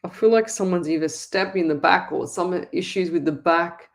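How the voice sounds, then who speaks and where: On a live call-in psychic show, a chatty Australian medium gives readings in a voice on the low side at a moderate pace. She speaks straight to viewers, rambling and restarting many times.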